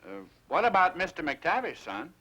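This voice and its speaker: A calm, reasonable dad. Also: male voice, fairly high pitch, normal speed, husky, muffled recording, exaggerated voice. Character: calm, reasonable father of the boy. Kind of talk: 1960s sitcom acting.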